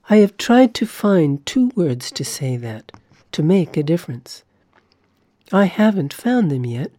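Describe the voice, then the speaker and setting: A woman reading a spiritual talk aloud in a measured, earnest way. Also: low voice, mellow, dry recording, studio quality. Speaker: reader.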